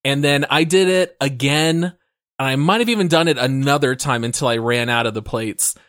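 A man chats on a podcast in a relaxed, amused way and nudges his co-host along. His voice sits at a middle pitch. The sound is dry and close. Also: normal speed, no echo. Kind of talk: casual storytelling chat.

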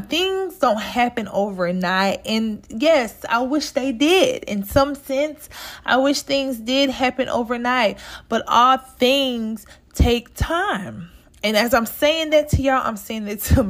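A woman's voice: a little high, animated, measured pace, fairly bright tone. Chatty woman. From Southern United States. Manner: chatty and direct, talks straight to listeners as "y'all". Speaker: podcast host. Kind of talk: casual podcast monologue.

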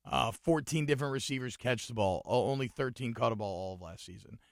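A man co-hosting a casual sports talk show, animated and getting louder as he gets worked up. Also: medium pitch, fairly quick, gravelly, dry recording, clean studio sound. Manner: animated, rising to excited shouting. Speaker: podcast co-host.

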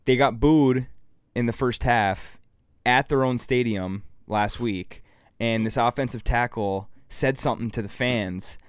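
A man talks casually on a podcast, telling a story and setting up a clip for the group. His voice is smooth and resonant, recorded dry and close. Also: medium pitch, a little slow, no echo. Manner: relaxed, storytelling, sets up clips for the group. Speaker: podcast co-host.

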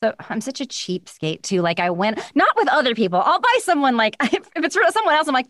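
Recording from her home studio on a studio microphone, with no echo, an American voice actor chats as an interview guest. Her voice is a little high and a little fast with few pauses, and she tells lively stories, voicing the people she quotes.

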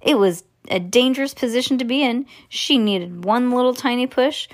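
Brief: woman, fairly high voice, reading a storybook aloud to a kid, expressive, self-correcting. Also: normal speed. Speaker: parent reading to a child.

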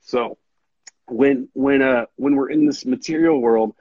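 A man hosting a podcast in casual chat, rambling and earnest, with a husky voice. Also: mid-range voice, unhurried, a little mellow, dry recording, muffled recording. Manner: rambling, earnest, says dude a lot. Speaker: podcast host.

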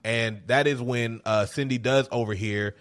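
A man in casual movie commentary chat, animated, often putting on the characters' voices and laughing. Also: mid-range voice, moderate pace. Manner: animated, mimics characters in quoted asides, swears, laughs often.

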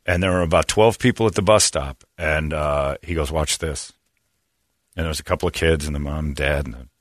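A middle-aged man hosting a radio talk show, telling a lively story and acting out the people in it. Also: deep voice, no echo, clean studio sound. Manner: animated storyteller acting out quotes. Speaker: radio host.

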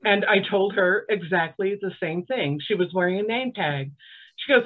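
A woman's voice: medium pitch, moderate pace. A woman from Alabama, a podcast guest telling a story in a dry, sardonic way. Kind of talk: casual storytelling on a comedy podcast. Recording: tinny phone-like line.

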